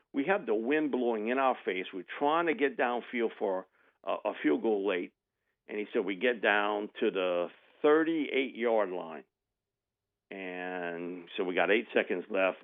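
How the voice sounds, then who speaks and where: Man, animated storyteller, tinny phone sound. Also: on the low side. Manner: animated, mimics voices in anecdotes with laughs. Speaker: radio guest. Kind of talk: storytelling on sports radio.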